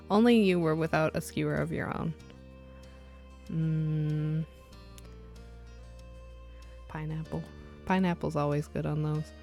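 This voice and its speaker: A woman with a fairly low voice reads a visual novel aloud, mixing narration with lively, sarcastic side comments. Faint game music plays quietly underneath her. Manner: animated, sarcastic asides between narration. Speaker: let's play streamer.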